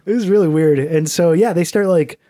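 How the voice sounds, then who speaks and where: A man's voice: fairly high pitch, a little fast, dark tone, dry recording, clean studio sound. A man co-hosting a casual comedic chat, loose and profane, with lots of fillers. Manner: loose and profane, full of fillers, slips into mocking voices. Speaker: podcast co-host.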